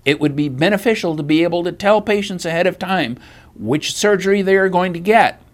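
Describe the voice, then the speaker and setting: A man reading a scripted industry news bulletin in a measured, even newsreader delivery. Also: sits high. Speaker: news reader.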